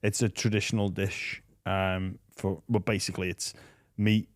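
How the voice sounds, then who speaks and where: A man's voice: sits low, little pitch movement, moderate pace. A man with an English accent on a casual podcast, chatting and often restarting his sentences as he hunts for words. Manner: chatty, repeats words and restarts while searching for words. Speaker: podcast co-host. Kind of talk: casual chat.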